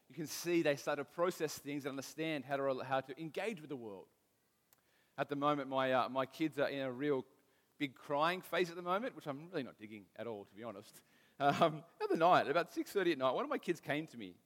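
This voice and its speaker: A man preaches a casual sermon drawn from stories at home, conversational and self-deprecating, frequently starting his sentences over. His voice is on the high side and carries a big-room sound.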